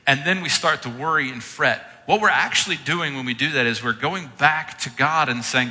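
Man, pastor preaching a sermon, very bright forceful voice, animated storytelling, long echoing hall reverb. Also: on the high side, a little fast. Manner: animated storytelling, acting out his own reactions.

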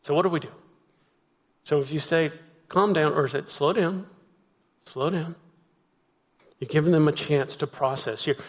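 A man preaching a sermon as pastor, talking to the congregation conversationally and asking them rhetorical questions. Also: fairly high pitch. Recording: long hall reverb.

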